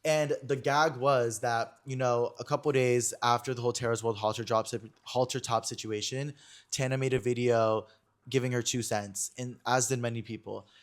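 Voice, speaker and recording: A man's voice: mid-range voice, steady tone, normal speed. A young man hosting a podcast in casual chat, rambling and packing his speech with fillers and online slang. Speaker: podcast host.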